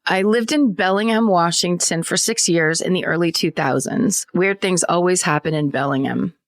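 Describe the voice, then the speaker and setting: A woman's voice: on the low side, moderate pace. Podcast co-host, woman, casual read of a listener email, emphatic, laughs a lot. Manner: animated, laughs often, emphatic.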